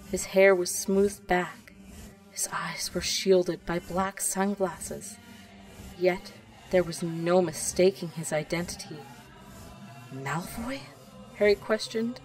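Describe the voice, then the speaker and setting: Female storyteller, calm quiet read, sits back from the mic over soft music. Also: fairly low pitch, distant mic, rough recording. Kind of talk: reading a fan story aloud.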